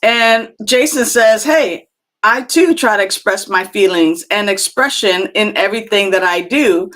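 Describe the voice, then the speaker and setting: A woman hosting a live spiritual talk show, speaking gently and reflectively with many fillers and restarts as she answers chat comments. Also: medium pitch, unhurried.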